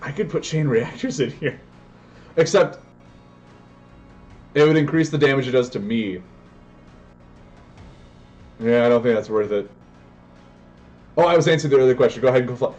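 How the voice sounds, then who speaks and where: A man commentating his own card game live, excitable and prone to yelling and tangents. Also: mid-range voice, moderate pace, pauses often, dull audio, soft background music. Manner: excitable, yells in bursts, goes on tangents.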